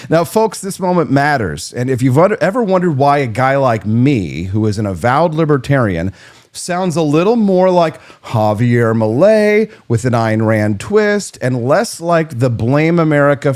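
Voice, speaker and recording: A man's voice: medium pitch, a little mellow. A man hosting a talk show, delivering an opinionated, sarcastic monologue and swearing freely.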